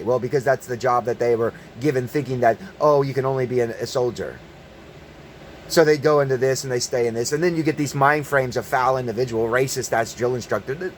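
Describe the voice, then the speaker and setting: A man's voice: medium pitch, slight background noise. A man delivering an angry, profane monologue, emphatic and prone to repeating words in bursts. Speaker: online commentator. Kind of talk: ranting monologue.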